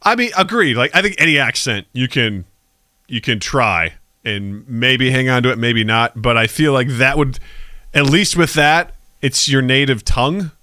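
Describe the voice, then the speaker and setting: Male podcast co-host, bright tense voice, dry close mic, jokey casual chat. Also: mid-range voice, normal speed, dry recording. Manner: jokey, slips into mock voices and accents.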